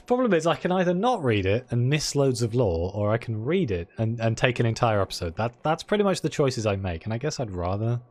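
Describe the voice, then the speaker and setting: A man's voice: medium pitch, very animated, moderate pace. A man chatting casually while playing a game and reading its dialogue aloud, thinking aloud in a self-deprecating way. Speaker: let's-play gamer.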